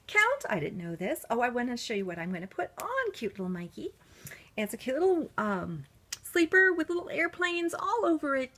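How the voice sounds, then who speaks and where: Lively, chatty woman vlogger. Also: a little high. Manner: chatty, laughs often, soft cooing asides while dressing a doll. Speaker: doll collector vlogger. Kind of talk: casual storytelling to camera.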